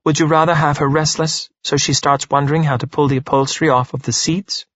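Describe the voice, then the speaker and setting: A man voicing a calm, teasing female neighbor who answers back with unruffled ease. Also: mid-range voice, brisk, breathy edge, dry recording, lo-fi sound, pitched above the performer's own voice.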